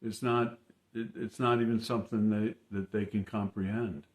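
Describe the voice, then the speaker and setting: A man voicing a grim, matter-of-fact Russian man in an earnest, halting way, repeating words as he explains. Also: fairly low pitch, flat delivery, lightly acted. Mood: earnest explaining. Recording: roomy echo.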